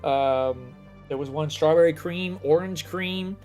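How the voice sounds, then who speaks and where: Animated, swearing American man. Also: a little high, measured pace, faint music behind. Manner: animated, profane storytelling. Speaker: host. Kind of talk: casual chat.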